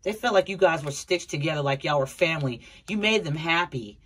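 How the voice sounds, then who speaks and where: Speaking fairly quickly in an expressive, mid-range voice with a fairly bright tone, this adult tarot reader gives her viewers a casual, no-nonsense reading. She chats away, circles back to the same points, talks to everyone as a collective, and lets the occasional swear word slip.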